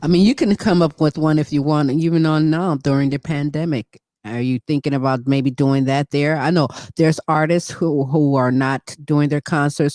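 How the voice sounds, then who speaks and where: A woman's voice: low voice, mellow, dry recording, clean studio sound. A woman hosting a talk show, laughing often and encouraging her guest in casual chat.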